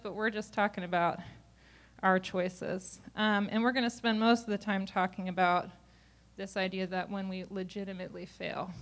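A woman's voice: mid-range voice, a bit bright. Candid woman teaching a parenting class. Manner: candid and self-mocking, laughs often. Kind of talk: live talk to a group of parents.

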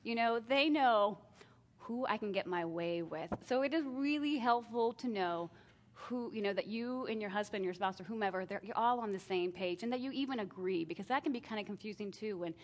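A middle-aged woman talking casually about parenting and discipline, acting out exchanges with her kids in lively voices and laughing at herself. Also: medium pitch, fairly quick. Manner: animated, acts out family exchanges with self-deprecating laughs. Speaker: parenting speaker.

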